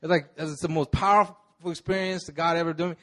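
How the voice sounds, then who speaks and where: A man's voice: fairly high pitch, fairly even intonation, fast, pushed and bright. A man in his thirties, a pastor, telling his own story in a sermon in a casual, slangy way with many restarts. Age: 30s. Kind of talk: sermon testimony.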